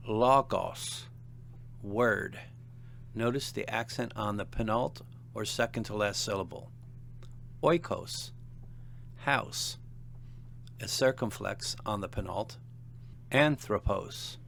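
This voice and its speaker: A man teaching a seminary language lesson in a measured, deliberate, scripted narration. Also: on the low side, vocal fry, a bit bright, a little hiss or hum. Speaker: seminary instructor.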